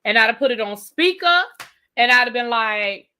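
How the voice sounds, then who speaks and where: A woman's voice: fairly high pitch, expressive, moderate pace, pushed and bright, clear, resonant tone. A woman hosting a live rant-and-review of a reality show, talking emphatically, repeating her points and swearing freely.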